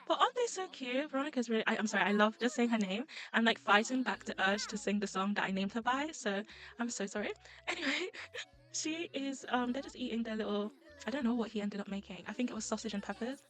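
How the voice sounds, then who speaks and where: A young woman giving casual, rambling let's-play commentary, chatty and giggly with sudden excited squeals. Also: fairly high pitch, fast talker, rough recording. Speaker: gaming YouTuber.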